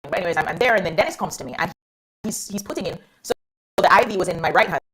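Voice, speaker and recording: A young woman tells her story as a guest on a radio talk show. Her voice sits a little low and husky, and it swings widely in pitch as she gets caught up in the telling. She talks casually and animatedly, laughing now and then. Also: animated, rapid-fire, a bit bright. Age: young adult.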